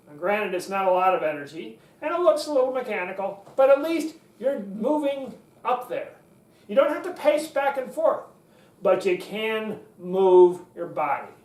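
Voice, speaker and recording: A man teaching public speaking, who jumps his pitch up to show energy and drops it down to show authority. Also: recorded from a distance. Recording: echoey room, voice from off the mic.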